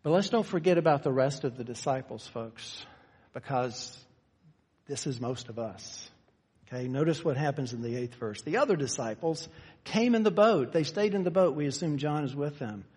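A man preaching a sermon, teaching conversationally and shifting from slow, stressed phrases to quick asides. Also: medium pitch, lively intonation, darkish tone, slightly rough. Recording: long reverb of a church hall.

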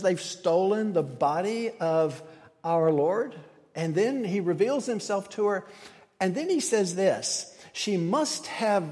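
A man preaching in a loose, conversational way, often restarting his phrases and laughing softly now and then. His voice sits fairly high for a man. It carries the long reverb of a large hall. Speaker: pastor. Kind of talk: sermon.

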